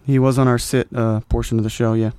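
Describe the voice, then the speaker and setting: A man's voice: medium pitch, flat delivery, fast talker, mellow, clear, resonant tone, no room sound. A man co-hosting a casual sports podcast, joking loosely with plenty of fillers. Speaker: podcast co-host.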